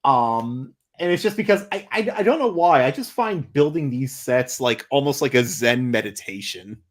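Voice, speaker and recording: A man hosting a casual podcast chat, animated, often stammering and repeating words when excited. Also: mid-range voice, moderate pace. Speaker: podcast host.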